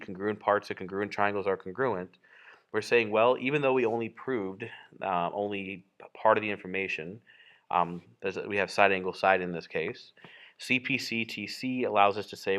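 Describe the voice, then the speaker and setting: A man's voice: on the low side, a bit bright. A man teaching a geometry lesson while drawing, in a casual, explanatory way with frequent fillers and self-corrections. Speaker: math teacher.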